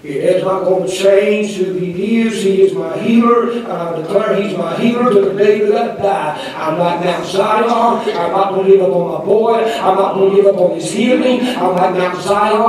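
An older male pastor preaching a sermon in a church, with rhythmic, fiery delivery and repeated calls to the congregation. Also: high voice. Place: church sanctuary. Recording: echoey distant room recording.

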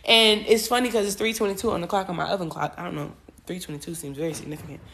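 A woman's voice: on the low side, fairly even intonation, very fast, vocal fry, a bit bright, breathy edge. A woman doing a casual tarot reading, talking bluntly with profanity and rambling asides, and growing emphatic as she goes. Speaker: tarot reader.

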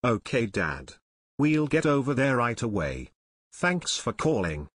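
A man voicing a brisk teenage boy detective. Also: mid-range voice, very animated, a bit bright, breathy edge, no room sound, studio quality, heavily acted. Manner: brisk and decisive.

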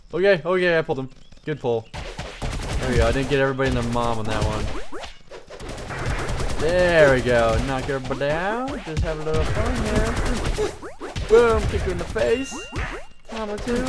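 A man giving lively let's-play commentary, taunting game enemies and joking as he fights. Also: mid-range voice, background noise. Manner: excitable, taunting enemies aloud. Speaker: gaming channel host.

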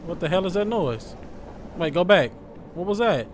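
A young man giving joking, loud let's-play commentary, full of slang as he reacts to the game. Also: sits high, expressive, moderate pace, faint music behind. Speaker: gaming streamer.

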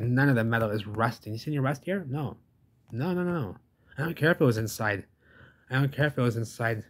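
A man giving excitable, casual commentary over a video, repeating phrases, asking rhetorical questions and swearing freely. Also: mid-range voice.

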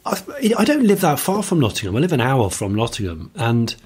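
A man's voice: medium pitch, big pitch swings, brisk, darkish tone, husky. A man co-hosting a podcast, chatting casually in a musing, rambling way with frequent restarts. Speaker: podcast co-host. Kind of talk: casual chat.

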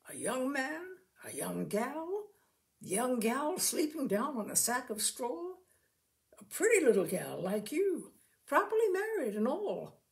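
A woman's voice: sits high, big pitch swings, slow, creaky, pitched above the performer's own voice, full character voice. A woman reading a story aloud and voicing a fat, shrewd, jolly male farmer with folksy country speech. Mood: coaxing.

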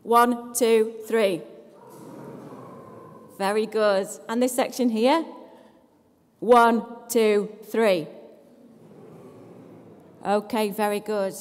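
A woman speech and language therapist leading a live audience through breathing and voice exercises in a brisk, encouraging, lightly self-deprecating way. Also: mid-range voice, steady tone. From England. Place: conference hall with audience. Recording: long hall reverb.

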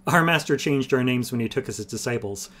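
A man's voice: mid-range voice, brisk, a bit bright, close to an everyday voice. A man voicing an ancient, wry old male sorcerer who explains things blandly and patiently. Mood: wry explaining.

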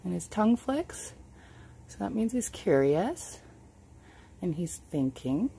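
A woman's voice: on the low side, very animated, slow pace, creaky, mellow, a little hiss or hum. A woman filming a casual vlog at home on a handheld camera, chatting to viewers and cooing to her pet. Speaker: reptile keeper vlogger. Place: home bedroom.

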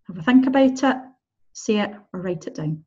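A woman leads a recorded beginner lesson in a friendly, chatty tone, often checking in with her learners. Her voice sits at a middle pitch with a husky edge. The recording sounds slightly dull and lo-fi. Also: expressive, dark tone. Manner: encouraging, chatty, slow model pronunciations with checks like "okay?". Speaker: Spanish teacher. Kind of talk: recorded online language lesson.

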